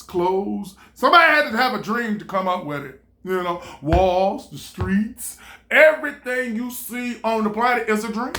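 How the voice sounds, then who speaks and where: A man's voice: high-pitched, a bit bright. A man, a stand-up comedian, talking casually and animatedly to camera, often laughing and switching into voices for the people he quotes. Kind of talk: casual motivational monologue.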